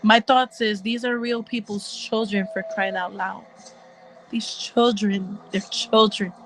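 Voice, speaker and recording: A woman's voice: mid-range voice, steady tone, slow, a bit bright, slight background noise, poor audio. A woman ranting emotionally to her viewers in casual talk, heated and repetitive, with religious asides. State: crying. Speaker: commentary vlogger.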